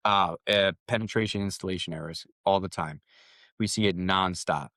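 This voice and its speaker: A man's voice: deep voice, moderate pace, a bit bright, no room sound. A man, a company founder guest on a podcast, telling rambling anecdotes in a casual interview, with restarts and quoted dialogue.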